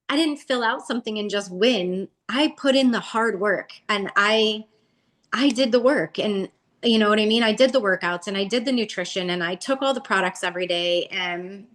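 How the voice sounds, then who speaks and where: Woman in her forties, interview guest, casual storytelling, animated, voice climbs when quoting others. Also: a little high. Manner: animated, acts out quotes with a rising voice.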